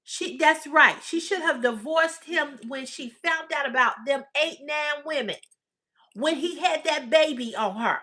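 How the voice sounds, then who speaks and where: High, bright, blunt woman livestreamer. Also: measured pace. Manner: blunt, profane, heated, talks back to chat. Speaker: livestream host. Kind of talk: casual livestream commentary.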